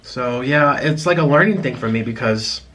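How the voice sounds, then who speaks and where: A man vlogging to camera, talking in a reflective, apologetic way with many restarts, pausing to eat. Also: medium pitch, fairly bright tone, slight background noise. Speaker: mukbang vlogger. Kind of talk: casual confessional talk to camera.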